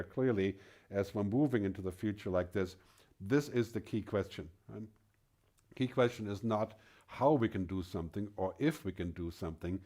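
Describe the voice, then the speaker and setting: A man delivering a keynote talk in a fairly low voice with a dark, mellow tone. He drives his points home emphatically, often posing rhetorical questions and checking in with a quick "right?" to the audience. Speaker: keynote speaker. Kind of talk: conference keynote speech.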